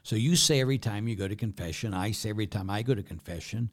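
A man, a Catholic priest, giving a plain-spoken, conversational sermon and checking in with the listeners with a quick "huh?". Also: lowish voice.

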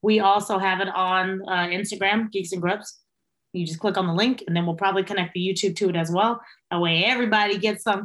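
A woman in casual conversation, a guest on a chat show who works in a restaurant kitchen. She tells her stories with animation and leaps up high when she acts out what others said. Her voice sits at a middle pitch for a woman. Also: brisk. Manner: animated storyteller, voices quotes in a much higher pitch. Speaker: interview guest, restaurant cook.

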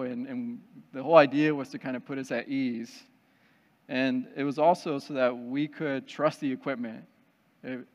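A man telling a personal story to an audience in a conversational, self-deprecating and lively way. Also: medium pitch, long reverb tail, muffled recording.

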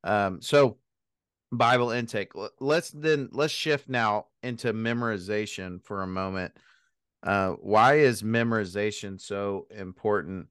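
A man with a smooth, resonant voice that sits on the low side, co-hosting a casual Bible discussion. He speaks in a thoughtful, measured way and chuckles lightly now and then. The sound is dry and close, with no room around it. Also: fairly bright tone, dry recording. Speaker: podcast co-host.

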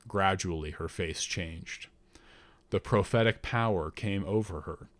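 A man reading a first-person story aloud in a measured, deliberate narrating voice. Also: on the low side. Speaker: audiobook narrator.

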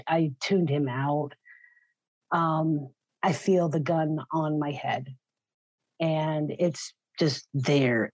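A woman's voice: low voice, darkish tone, breathy edge, no echo. A middle-aged woman giving a raw, blunt personal testimony in an interview, swearing freely. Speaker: guest sharing her story. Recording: slightly muffled, dry recording.

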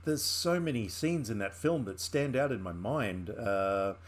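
A man's voice: medium pitch, expressive, measured pace. A man co-hosting a film podcast, chatting casually and enthusiastically with lots of fillers and restarts. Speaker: podcast co-host.

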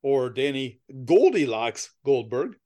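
A man's voice: medium pitch, very animated, slow pace, warm tone. Rambling laughing male podcast host. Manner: rambling, laughing storyteller who swears casually. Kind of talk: casual chat.

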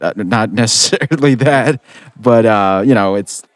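A man's voice: on the low side, unhurried, no echo, clean studio sound. A man hosting a radio call-in show in a comedy sketch, casual and laid-back with stammered restarts.

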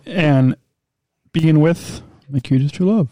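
A man co-hosts a relaxed podcast, taking his time as he reads out listener questions in a playful, high sing-song radio voice. His tone is dark, and the studio-quality audio has no echo.

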